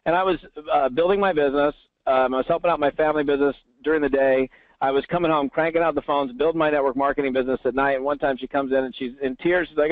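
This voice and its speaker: Fast-talking man on a tinny phone line. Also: fairly high pitch, dry recording. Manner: animated, acts out quoted voices. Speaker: network marketing trainer, guest. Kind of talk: storytelling interview answer.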